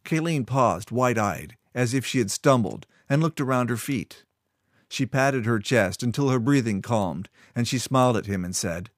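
A man narrating a fantasy story in a steady storytelling read. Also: medium pitch, moderate pace, dry recording, studio quality. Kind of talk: scripted narration.

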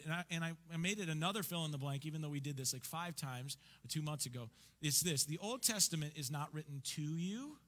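Energetic preaching man in an echoing church. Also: fairly high pitch. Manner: energetic, emphatic preaching with call-and-response questions. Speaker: pastor. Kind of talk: sermon. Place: church sanctuary. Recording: church hall reverb.

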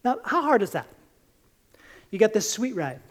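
A woman preaching a sermon, telling Bible stories in an animated, conversational way and acting out the quotes. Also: mid-range voice, normal speed.

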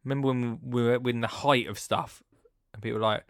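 A man hosting a podcast in a rambling, chatty way, swinging between loud bursts and hushed asides. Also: medium pitch, fairly even intonation, brisk, no room sound, studio quality. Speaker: podcast host. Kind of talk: casual chat.

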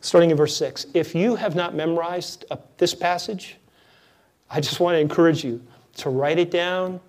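High-voiced pastor man preaching. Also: normal speed. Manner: conversational, jokey, swings between hushed and loud. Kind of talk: sermon.

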